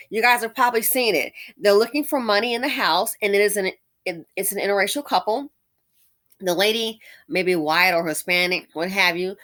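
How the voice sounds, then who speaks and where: A woman's voice: medium pitch, a bit bright. A woman giving sassy, exasperated opinion commentary as the host of her channel. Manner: sassy, exasperated, mocking impressions. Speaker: commentary vlogger.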